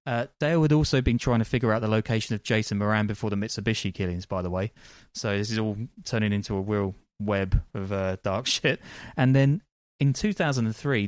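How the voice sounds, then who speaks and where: A man hosting a podcast, telling the story in a loose, chatty way full of ums and quick laughs. His voice sits a little low, and the sound is dry and close with no room echo. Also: darkish tone. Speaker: podcast host. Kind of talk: casual storytelling chat.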